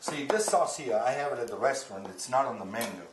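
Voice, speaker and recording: Lively chef in a roomy kitchen. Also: male voice, mid-range voice, fast, background noise. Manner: animated storytelling, gives cooking instructions. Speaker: chef and restaurant owner. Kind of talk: cooking demonstration chat. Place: TV studio kitchen. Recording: roomy kitchen with cookware clatter.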